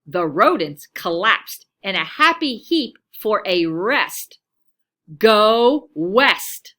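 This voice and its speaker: A woman's voice: mid-range voice, slow pace. A woman teacher reading a children's picture book aloud, telling it expressively. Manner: expressive storytelling, lively.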